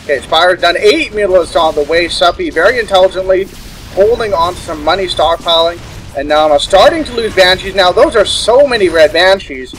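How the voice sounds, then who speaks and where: A man's voice: high voice, brisk, a bit bright, slight background noise, low-quality recording. A young man giving casual solo commentary on a strategy game match, chuckling and correcting himself as he goes. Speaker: esports caster.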